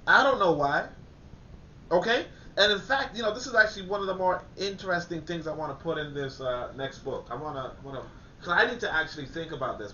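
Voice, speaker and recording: Male commentator, fairly high voice, loose preachy monologue full of fillers, roomy echoey sound with faint hiss behind. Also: pushed and bright. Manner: rambling, many fillers and restarts; preachy, repeats points for emphasis. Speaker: commentator and author. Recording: echoey, distant, dull lo-fi audio.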